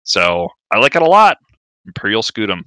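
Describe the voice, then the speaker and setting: A man with a low, bright voice explains card picks in a halting way, with many fillers and repeated words. The sound is very dry and close. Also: big pitch swings, no room sound. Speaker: podcast co-host. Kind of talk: casual card game discussion.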